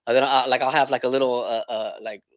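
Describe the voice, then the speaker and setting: A man's voice: medium pitch, fairly even intonation, fast talker, no room sound. A man hosting a podcast in casual chat, profane and hyped. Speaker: podcast host.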